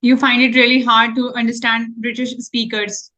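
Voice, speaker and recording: A woman's voice: a little high, little pitch movement, moderate pace, sharp tone, dull audio. A woman interviewing an English learner in a practice conversation, encouraging and reassuring.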